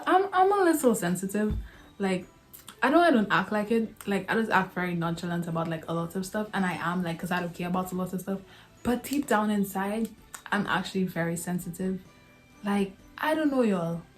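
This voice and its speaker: A woman's voice: mid-range voice, darkish tone. Chatty young woman telling a story. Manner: chatty, addresses viewers as y'all, laughs often. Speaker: vlogger. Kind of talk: casual storytime vlog.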